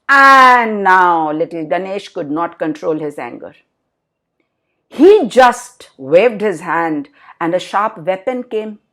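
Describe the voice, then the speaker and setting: Children's storyteller, woman, slow and very lively delivery. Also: medium pitch. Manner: animated, asks listeners questions.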